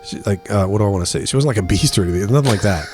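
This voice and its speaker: A man's voice: fairly low pitch, racing, soft background music. A middle-aged man hosting a podcast, telling funny stories in a casual way and acting out the voices of the people in them. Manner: animated, acts out voices in his stories. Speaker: podcast host. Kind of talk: casual comedic storytelling.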